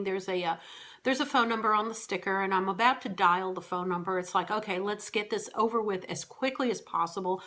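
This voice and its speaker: A woman vlogger telling a story to camera in a casual, animated, exasperated way. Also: mid-range voice.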